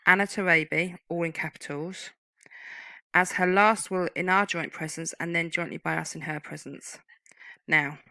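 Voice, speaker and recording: A woman tutors typing over a screen recording, walking through each step patiently and explaining the terms. Her voice sits fairly low yet sounds bright and clear. The recording is dry and close. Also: no room sound, low-quality recording.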